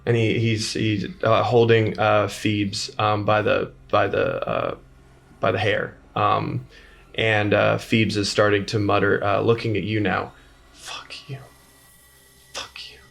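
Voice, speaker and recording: Halting male game master narrating. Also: on the low side, gravelly, fairly bright tone. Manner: halting, full of fillers.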